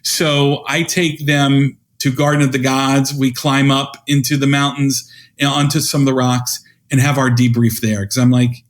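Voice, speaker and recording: A man's voice: medium pitch, little pitch movement, normal speed. A man in his fifties, a podcast guest and educator, telling stories and acting out the dialogue he quotes. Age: 50s. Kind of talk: conversational storytelling.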